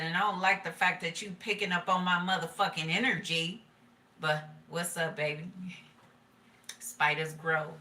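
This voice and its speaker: A woman's voice: lowish voice, sharp tone, reverberant, distant mic. A woman giving a casual, profane tarot reading, talking in a streetwise way and laughing often. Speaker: tarot reader.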